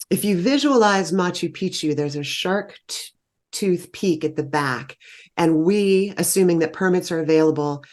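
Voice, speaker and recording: A woman with a low voice tells stories of guiding small groups on treks. She speaks in a relaxed, conversational way and lifts her voice when she acts out what people said. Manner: animated, warm storytelling that lifts into quoted exclamations. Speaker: guest, meditation retreat leader. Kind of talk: conversational storytelling.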